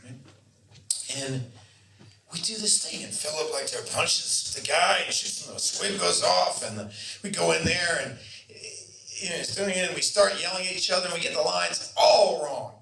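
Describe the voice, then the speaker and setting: A man's voice: on the high side, moderate pace, creaky. A man telling an anecdote at a festival Q&A, acting out the voices of the people in his story. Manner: animated, acts out other people's voices. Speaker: festival Q&A guest. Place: festival Q&A venue. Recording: roomy hall, distant mic, faint noise.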